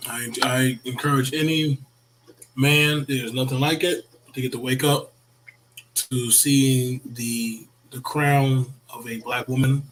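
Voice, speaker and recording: Guy rambling on his morning stream, voice kinda worn out from yelling, faint room noise behind. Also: medium pitch, fairly even intonation, slow pace, low-quality recording. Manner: chatty and rambling, repeats words. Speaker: YouTube reaction host. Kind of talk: casual morning livestream chat.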